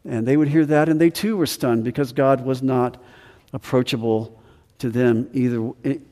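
Male pastor, earnest sermon delivery, mellow tone, long reverb of a big room. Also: mid-range voice, fairly even intonation. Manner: earnest preaching, slowing on key phrases and rising with emphasis.

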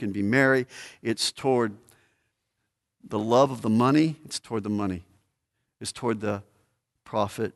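Emphatic preacher man in a hall. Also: mid-range voice. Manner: emphatic, swings between loud and hushed. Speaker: pastor. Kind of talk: sermon.

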